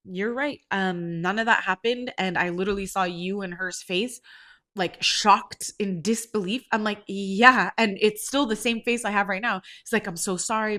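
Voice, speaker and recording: A congested woman in her forties, a podcast host telling a story casually, swearing and rising to loud outrage. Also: mid-range voice. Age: 40s.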